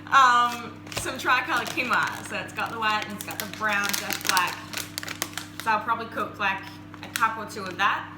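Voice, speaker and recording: A young woman chatting casually as she cooks, talking to the camera in a chatty, self-mocking way with quick giggles. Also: medium pitch, fairly even intonation, reverberant, loud music behind the voice, rough recording. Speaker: cooking vlogger. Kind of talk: casual cooking chat. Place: home kitchen.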